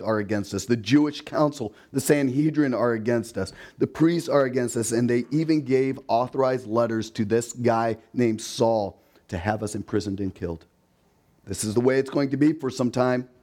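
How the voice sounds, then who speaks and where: A man at a mid-range pitch delivers a sermon in a conversational, storytelling manner. He asks his listeners rhetorical questions, repeats key words for emphasis, and briefly acts out the voices of the people he quotes. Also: a little mellow. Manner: emphatic repetition. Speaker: pastor.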